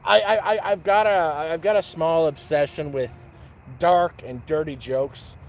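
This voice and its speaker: Guy with a kinda high voice telling a dirty joke on a livestream, stumbles and repeats himself a lot. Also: unhurried. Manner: rambling storyteller, repeats words, loud sound effects. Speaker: livestream host. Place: outdoors at a campfire.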